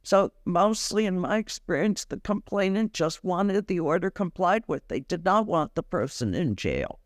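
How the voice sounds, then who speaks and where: An older woman, a former judge, explaining court practice in a measured, deliberate way as a podcast guest. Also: lowish voice, animated, dry recording, studio quality. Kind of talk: podcast interview.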